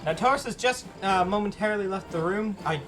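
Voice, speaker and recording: Over music, a brisk mid-range voice offers casual live commentary on a strategy game. The streamer keeps the chat easygoing and frequently reads whatever text appears on screen.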